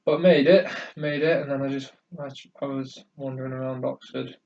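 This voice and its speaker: Recorded from a distance and sounding muffled, a man hosts a podcast, telling stories casually. He's from the North of England, and his mid-range, gravelly voice has fairly even intonation at normal speed. The chat is rambling and hesitant, packed with fillers and restarts.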